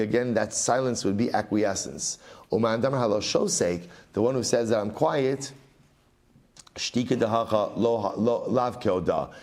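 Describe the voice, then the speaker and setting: Animated man teaching a Talmud class. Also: on the low side. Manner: animated, repeats phrases for emphasis, mixes in Aramaic and Hebrew. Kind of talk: Talmud study lecture.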